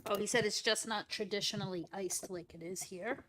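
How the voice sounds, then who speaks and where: A woman with a medium-pitched, fairly bright voice hosts a casual stream chat, speaking briskly with fairly even intonation. She rambles chattily, leaning heavily on "like" and "um." There's slight background noise.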